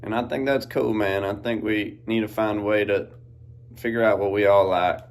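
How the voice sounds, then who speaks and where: A man's voice: fairly low pitch, fairly even intonation, moderate pace. A man hosting a podcast, talking in a laid-back, rambling way full of folksy slang. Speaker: podcast host. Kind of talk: casual monologue. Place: outdoors in farm fields.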